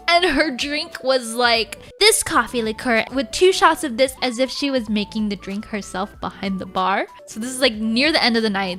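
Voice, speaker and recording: A woman streamer casually telling stories in an animated way, saying "like" constantly. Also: fairly high pitch. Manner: animated, heavy use of 'like'. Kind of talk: casual storytelling.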